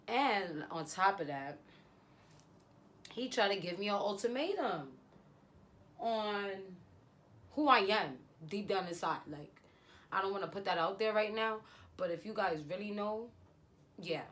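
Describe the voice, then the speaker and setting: A young woman vlogger telling a personal story in a lively, slangy, casual way. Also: medium pitch, measured pace, long pauses. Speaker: beauty vlogger. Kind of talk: storytime vlog.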